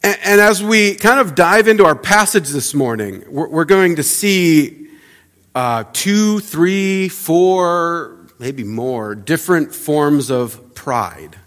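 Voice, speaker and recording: A pastor giving a conversational sermon, often restarting and repeating words. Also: male voice, fairly high pitch, fairly bright tone, big-room sound.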